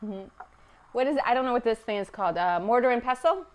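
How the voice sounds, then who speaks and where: A woman's voice: on the high side, lively intonation, fast talker. A woman from Afghanistan hosting a casual cooking livestream from her home kitchen, chatty and wry, with a teasing humor. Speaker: cooking show host. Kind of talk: casual live-stream cooking chat.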